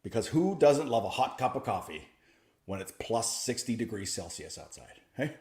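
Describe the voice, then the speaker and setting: A comedian telling stand-up stories in a mid-range male voice. He keeps a dry, deadpan delivery that jumps into lively bursts. The sound is roomy and echoey. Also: mid-range voice, moderate pace. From Canada. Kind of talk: stand-up storytelling. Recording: echoey room.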